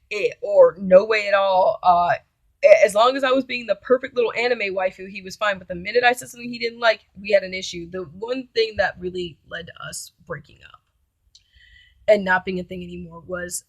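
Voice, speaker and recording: A woman's voice: medium pitch, no echo. Young woman, casual storytime, blunt and profane, indignant, dry close sound. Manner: blunt, profane, indignant retelling with quoted dialogue.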